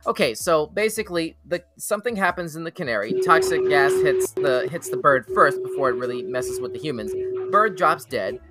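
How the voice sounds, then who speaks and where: A man's voice: fairly high pitch, huge pitch swings, moderate pace, over loud music. A man hosting a live weird-news show, reading articles aloud and rambling through his thoughts with many fillers and restarts. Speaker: show host. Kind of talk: casual live news chat.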